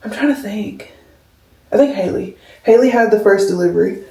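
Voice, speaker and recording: A woman's voice: medium pitch, normal speed, dark tone. Rambling young woman in a roomy room. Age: 20s. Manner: rambling, heartfelt, fills with "like". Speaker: labor and delivery nurse, vlogger. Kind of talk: casual chat to camera. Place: home room, camera on a skincare shelf. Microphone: camera mic at a distance. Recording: roomy, slightly distant camera audio.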